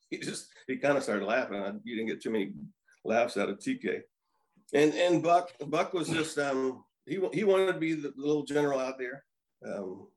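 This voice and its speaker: A man in his fifties, a former pitcher, telling stories as a podcast guest and acting out quoted lines. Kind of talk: casual storytelling.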